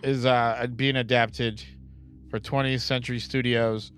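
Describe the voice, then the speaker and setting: A man's voice: medium pitch, flat delivery, a little slow, a bit bright, a little hiss or hum. A man co-hosting a podcast in casual chat, laid-back, reading out news items with many fillers. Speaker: podcast co-host.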